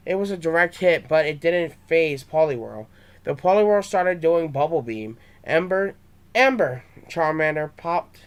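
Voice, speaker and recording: A man's voice: on the high side, smooth. A young man reading his own fan story aloud, with small stumbles and restarts.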